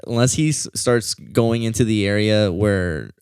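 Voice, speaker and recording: A man's voice: fairly low pitch, measured pace, a little mellow, clear, resonant tone, no echo, clean studio sound. A young man, a security guard, casually telling a story in a rambling way, full of fillers and acted-out quotes.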